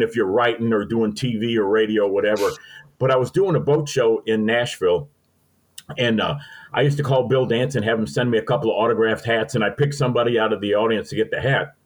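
A man's voice: medium pitch, poor audio. An older man from Missouri, a guest telling folksy, sentimental stories in an interview. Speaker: podcast guest. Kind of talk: storytelling interview.

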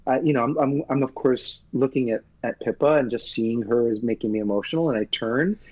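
A man's voice: mid-range voice, darkish tone. Earnest man in a muffled interview. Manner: earnest, emotional, halting with many restarts. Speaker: Broadway actor, interview guest. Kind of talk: candid interview storytelling. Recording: dull lo-fi sound.

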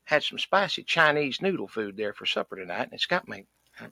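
A man's voice: medium pitch, sing-song, a little fast, vocal fry, sharp tone, dry recording, heavily acted. A man playing a cranky, folksy middle-aged duck hunter, ranting in a comedy podcast. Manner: folksy, exasperated ranting with sighs and country grammar. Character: loud rural Southern male duck hunter, cranky, folksy. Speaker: recurring comedy character.

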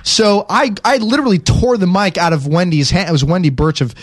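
A man hosting a talk show, telling stories in casual chat with rapid restarts. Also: high voice, dry recording, studio quality. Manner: fast storytelling with frequent restarts. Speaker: show host.

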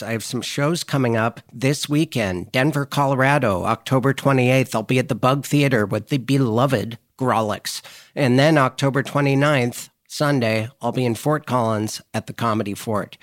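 A man's voice: medium pitch, normal speed, fairly bright tone, no echo, studio quality. A man co-hosting a casual chat from inside a car, joking and teasing in easygoing banter. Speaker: podcast co-host and stand-up comedian.

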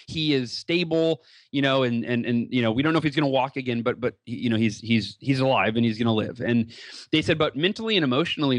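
A man's voice: medium pitch, dry recording. A man in his thirties, a podcast guest, telling a personal story animatedly, acting out dialogue with many fillers and restarts.

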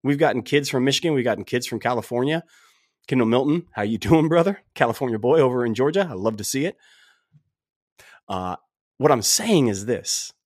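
A man's voice: medium pitch, lively intonation, fairly quick, a little mellow, no echo, clean studio sound. A man hosting a sports podcast, talking in a casual, emphatic, folksy way. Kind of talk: casual opinionated sports talk.

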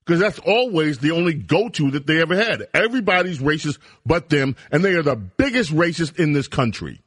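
A man's voice: fairly high pitch, lively intonation, a little fast, a bit bright, slightly rough, no echo. A man hosting a talk radio show, ranting in a heated, emphatic political monologue from a studio microphone.

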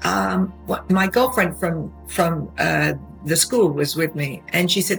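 A woman recounting her own ordeal in animated, emotional testimony, often checking in with "right?". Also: on the low side, a little slow, creaky, few pauses, faint music behind, low-quality recording. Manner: animated storytelling, asks listener "right?". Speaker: interviewee telling her own story. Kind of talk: emotional true-crime testimony.

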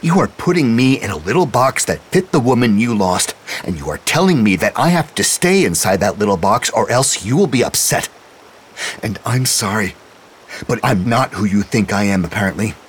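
A man with a low voice voicing a determined, defiant woman investigator in an audio drama, curt and cool. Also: very animated, moderate pace, slight background noise, low-quality recording. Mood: angry.

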